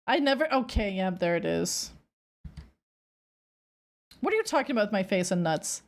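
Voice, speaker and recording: A woman streamer chatting casually with her viewers, telling a rambling story in an animated way and squealing when she gets excited. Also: medium pitch, normal speed.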